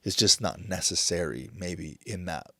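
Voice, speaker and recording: Thirties male podcast host, tearful and halting; low, gravelly voice. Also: animated, a bit bright, no room sound, studio quality. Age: 30s. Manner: emotional, halting, many restarts. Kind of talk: casual chat.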